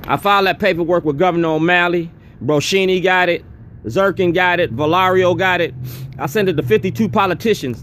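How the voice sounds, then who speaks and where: Defiant high-voiced man. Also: a bit bright, a little hiss or hum. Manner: defiant, repetitive, confrontational. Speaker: activist speaking at a town hall. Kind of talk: impassioned public speech.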